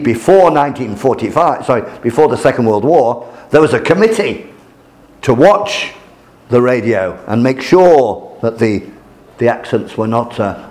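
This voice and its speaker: A man teaching a class as their examiner, lecturing in a halting way with many fillers and restarts. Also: mid-range voice, darkish tone.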